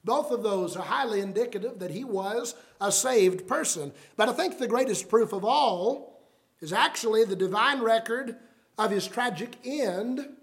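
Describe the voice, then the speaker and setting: A man preaching a sermon, earnest and emphatic, quoting scripture at length and stressing key words. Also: high voice.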